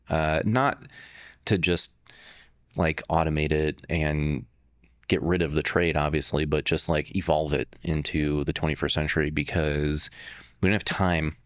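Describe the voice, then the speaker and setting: A startup founder with an extremely low voice rambles as a guest in a casual interview, full of fillers and restarts. The recording is dry and studio quality.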